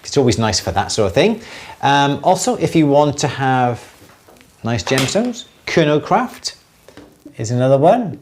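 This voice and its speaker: A man's voice: medium pitch, big pitch swings, unhurried, a little hiss or hum. A man, co-hosting a casual live jewellery Q&A and recommending suppliers in a chatty, friendly way. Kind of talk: casual live-stream chat.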